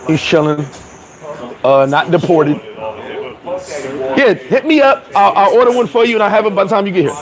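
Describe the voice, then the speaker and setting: A man hosting a casual livestream, laughing often, talking in slang and giving shout-outs to viewers. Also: high voice, animated, moderate pace, long pauses, low-quality recording. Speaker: livestream host. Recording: crowd chatter behind.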